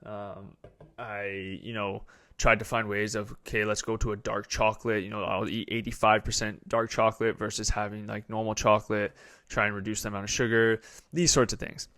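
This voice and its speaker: A young man talks through his own podcast episode in a loose, rambling way, with plenty of ums and likes. His voice sits a little low, and the sound is close and dry, with no room echo. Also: level tone, normal speed, pushed and bright. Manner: casual, rambling, with many fillers. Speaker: podcast host. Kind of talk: solo podcast monologue.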